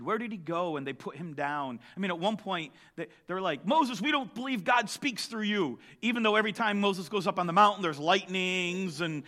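High, bright-voiced animated preacher. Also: male voice. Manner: animated storytelling, joking asides. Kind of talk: sermon.

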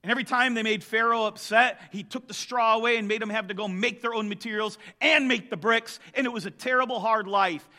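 A man preaching a sermon, telling the story with lively jokes and asides. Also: high voice. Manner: animated storytelling, joking asides.

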